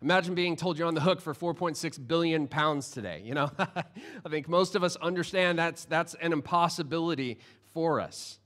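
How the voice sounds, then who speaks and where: A man's voice: a little high, moderate pace, a bit bright. A man preaching a sermon in a conversational, humorous way, often restarting his sentences. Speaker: pastor.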